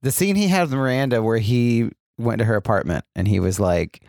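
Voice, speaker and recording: A man's voice: mid-range voice, brisk, creaky, darkish tone, no echo, clean studio sound. A man co-hosting a podcast, joking and easygoing in casual banter. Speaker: podcast co-host.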